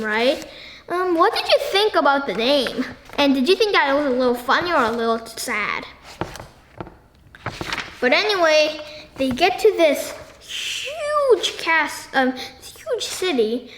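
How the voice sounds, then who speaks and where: A woman with a high voice talks slowly through a book discussion, stumbling over her words and restarting as she goes. She keeps turning to the listener with questions. The room is echoey, with a faint hiss behind her. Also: a bit bright. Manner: halting, searching for words with many ums and restarts; asks the listener frequent questions.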